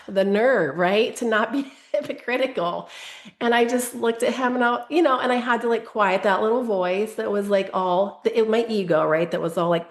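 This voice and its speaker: A woman's voice: medium pitch, moderate pace. A middle-aged woman, a parenting coach, telling a candid, self-deprecating personal story in an interview. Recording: echoey room.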